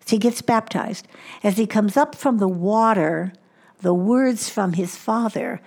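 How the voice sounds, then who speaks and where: A woman preaching a sermon, slowing down and dropping to a hushed voice on key points. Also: medium pitch. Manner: slows down for emphasis, drops to a hushed voice on key points.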